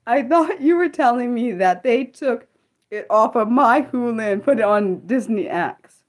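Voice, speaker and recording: A woman hosting an unscripted livestream, chatting and rambling with viewers and reacting loudly to the chat. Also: fairly high pitch, normal speed. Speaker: livestream host.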